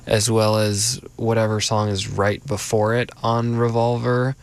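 A man's voice: lowish voice, level tone, a little slow, clear, resonant tone. A young man hosting a college radio show, chatting casually and rambling with lots of fillers. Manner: easygoing, rambling, filler-heavy.

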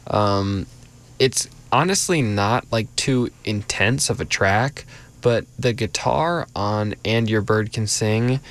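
A young man with a fairly low voice hosts a college radio show. He talks in an easygoing, rambling way, full of ums and likes, as he introduces the next song. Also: slow. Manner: easygoing, rambling, filler-heavy. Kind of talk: casual radio chat.

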